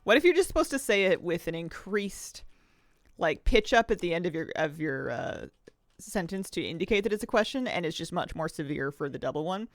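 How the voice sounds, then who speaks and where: A game streamer talking casually from a home office, chatty and rambling and quick to laugh. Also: medium pitch, big pitch swings, no room sound. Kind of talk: casual chat while streaming a video game.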